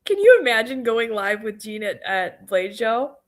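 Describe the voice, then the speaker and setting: A woman's voice: on the high side, sing-song, moderate pace. A young woman with a central Michigan accent, chatting casually and playfully as a guest, laughing often. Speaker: knife shop guest. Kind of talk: casual chat.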